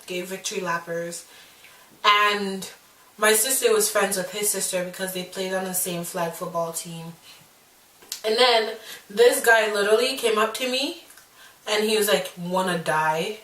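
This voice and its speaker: A woman in her twenties from Nigeria, telling a storytime vlog in a sassy, animated way with lots of fillers. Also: mid-range voice, moderate pace, recorded from a distance. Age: 20s. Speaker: vlogger. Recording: echoey room, mic set back.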